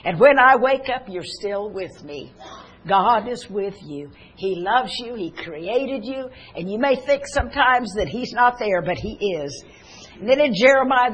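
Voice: mid-range voice, breathy edge, rough recording. An older preacher giving a sermon, reading scripture and reciting a poem with rising dramatic emphasis.

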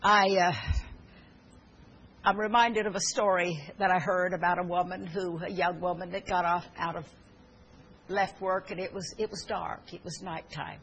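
A woman's voice: lowish voice, steady tone, normal speed, fairly bright tone, lo-fi sound, slight background noise. A woman preaching a sermon, telling stories earnestly with fillers and restarts, and urging her listeners fervently.

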